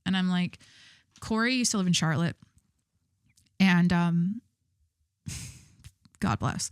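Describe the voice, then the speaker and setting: Speaking slowly in a smooth, lowish voice, a young podcast host from Southern California chats casually on her own, spilling gossip, cursing freely, and laughing at herself. The studio recording is clean, with no room sound.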